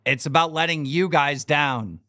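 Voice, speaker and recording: A man's voice: on the high side, measured pace, sharp tone, no echo, studio quality. A man hosting a livestream, talking casually in a blunt, profane, scolding way. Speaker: livestream show host.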